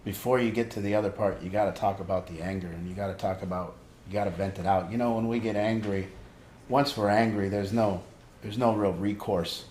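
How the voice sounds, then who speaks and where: A man's voice: fairly low pitch, fairly even intonation, a little fast, a little mellow, reverberant, slight background noise. A man leading a family group as an addiction counselor, frank and conversational, asking pointed questions.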